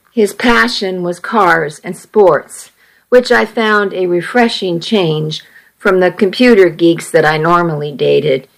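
A young woman in her twenties reads a first-person story aloud in a slow, deliberate way. Her delivery is wry and unhurried, letting each phrase settle. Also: on the low side, gravelly. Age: 20s.

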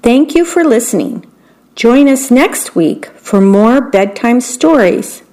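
A woman reads a children's bedtime story aloud for a radio audience, slow and gentle. She pauses to describe the pictures in a fairly high voice. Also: expressive. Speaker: volunteer radio reader.

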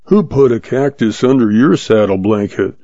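A man reading a slow-witted, blustering small-town sheriff in a western audiobook. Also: mid-range voice, lively intonation, dark tone, dry recording, lo-fi sound, natural voice. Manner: blustering, then meek. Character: dim, flustered middle-aged male sheriff.

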